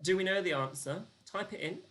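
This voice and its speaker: Running a live-streamed quiz, the host chats and pokes fun at themselves while counting down time and reading the answers and leaderboard. Their mid-range voice is brisk and fairly bright, with faint music in the background.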